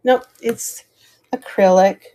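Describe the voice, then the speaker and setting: Speaking slowly in a mellow, medium-pitched voice, an American woman hosts a live auction stream selling jewelry. She chats easily as she displays each item, announces opening prices, and gives shout-outs to viewers by name, with slight background noise.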